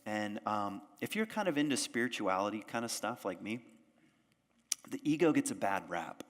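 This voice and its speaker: A man's voice: on the low side, big pitch swings, normal speed. A male pastor giving a conversational sermon to a church audience, often asking them questions. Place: church sanctuary. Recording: long church reverb.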